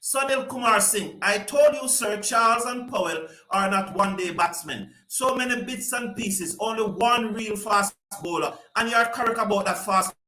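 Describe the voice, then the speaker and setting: Man, high and bright, chatty stream host, echoey room. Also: moderate pace, hardly any pauses. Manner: chatty, greets viewers by name, repeats himself. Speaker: host reading viewer comments. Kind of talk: casual live-stream commentary.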